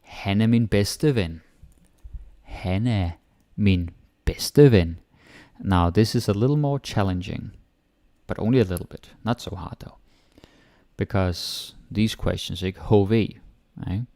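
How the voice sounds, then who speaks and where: A man from Denmark with a Danish accent, teaching Danish grammar in a casual lesson and repeating example phrases slowly. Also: on the low side, dark tone, no echo, clean studio sound. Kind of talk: casual online language lesson.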